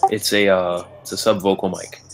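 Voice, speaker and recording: Casual man with a lowish voice, joking live commentary. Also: moderate pace, crowd noise, low-quality recording. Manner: relaxed, joking. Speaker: cast member commentator.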